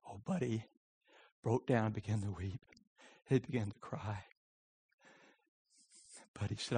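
A man preaching a sermon, swinging from shouted pleading to hushed storytelling. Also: lowish voice, unhurried, pauses often, slightly rough. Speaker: pastor.

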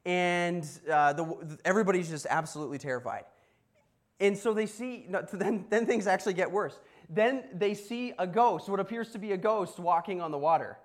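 A man preaching a casual sermon as pastor, telling a story with asides to the congregation. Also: sits high. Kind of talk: conversational sermon.

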